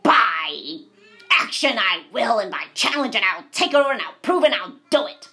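Woman doing a male martial arts challenger, boastful, loud, swaggering, bright. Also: on the high side, very animated, normal speed, breathy edge, exaggerated voice.

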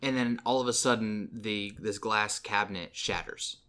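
A man's voice: on the low side, normal speed, sharp tone. A man co-hosting a casual podcast, retelling movie scenes with lots of ums and restarts. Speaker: podcast co-host. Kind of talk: casual film review chat.

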